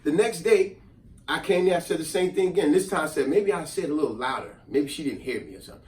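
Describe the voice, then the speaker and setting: A middle-aged man telling a casual story, animated and acting out the people in it. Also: on the high side, fast talker. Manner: animated, acts out voices in quotes. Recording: roomy and distant from the mic.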